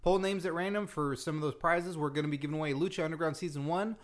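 A man's voice: on the high side, fast talker. A man co-hosting a casual podcast, joking and swearing often and rambling with fillers as he gives announcements. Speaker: podcast co-host.

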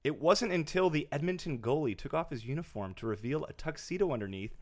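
Deadpan man reading mock news. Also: on the high side, a little fast. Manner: reads a written script in a dry newsreader tone. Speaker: podcast host.

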